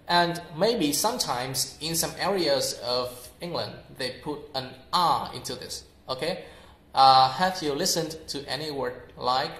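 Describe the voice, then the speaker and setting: A young man with a Vietnamese accent giving an informal English lesson, filling pauses with "uh" and saying example words aloud again and again. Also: a little high, a bit bright, roomy sound. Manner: explains slowly with many fillers and repeats example words aloud. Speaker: English teacher.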